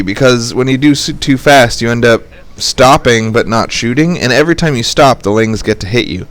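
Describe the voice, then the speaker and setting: A man's voice: a little fast, few pauses. A young man giving casual, joking commentary over a strategy game at his computer, explaining tactics. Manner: joking, playful, jumps into high squeaky voices when quoting. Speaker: game caster and coach.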